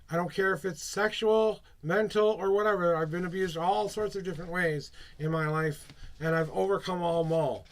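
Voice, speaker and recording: A man's voice: sits high, gravelly. A man reading tarot on a live stream, chatty, rambling and upbeat as he talks to his viewers.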